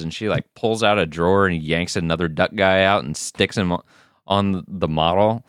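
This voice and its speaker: Deep-voiced man cursing casually. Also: moderate pace, a bit bright, smooth, no room sound, clean studio sound. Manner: profane, rambling, lots of fillers. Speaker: podcast co-host. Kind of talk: casual recap chat.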